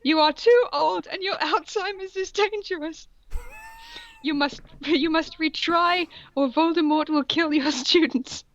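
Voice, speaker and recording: A woman voicing a pompous, shrill female school official who scolds in a high, slow voice. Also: fairly bright tone, highs cut off, exaggerated voice. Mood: scolding.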